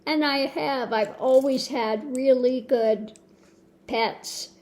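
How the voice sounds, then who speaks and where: An older woman rambling about her day in a casual, chatty way, with soft laughs here and there. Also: high voice, slow pace. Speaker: tarot reader and vlogger. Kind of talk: casual chat.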